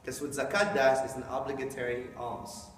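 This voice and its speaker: A man's voice: mid-range voice, flat delivery, brisk, a little hiss or hum. A man giving an informal, joking talk to a live audience, often acting out quoted voices. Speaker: speaker explaining Islam to an audience. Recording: echoey hall from a distant mic.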